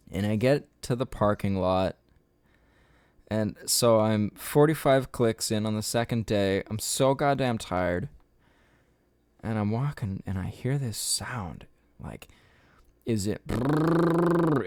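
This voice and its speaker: Young male podcaster, rambling storyteller, swears a lot, smooth low voice, dry close sound. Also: a little mellow, no room sound. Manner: casual, rambling, swears often, laughs at own story. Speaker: podcast host.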